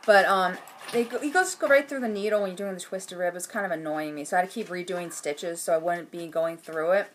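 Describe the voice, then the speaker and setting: A woman's voice: fairly low pitch, a little fast, a little hiss or hum. A woman hosting her own knitting podcast at home, chatting casually to the camera in a rambling way with lots of fillers and restarts. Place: at home, indoors.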